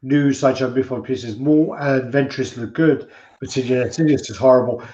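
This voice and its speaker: A man's voice: medium pitch, moderate pace, mellow, a little hiss or hum. Male co-host, loose swearing banter, muffled roomy stream sound. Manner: rambling, swearing, joke-telling. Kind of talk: casual livestream chat.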